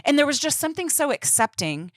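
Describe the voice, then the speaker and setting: A woman's voice: high-pitched, very animated, quick pace, dry recording, studio quality. A woman in her thirties co-hosting a podcast, chatting casually and animatedly with many fillers. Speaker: podcast co-host. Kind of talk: casual faith chat.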